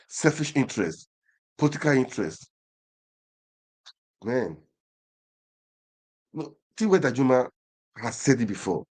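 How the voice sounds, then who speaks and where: A man with a Nigerian accent hosting an online show, delivering an impassioned commentary monologue full of repeated phrases and rhetorical questions. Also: on the low side.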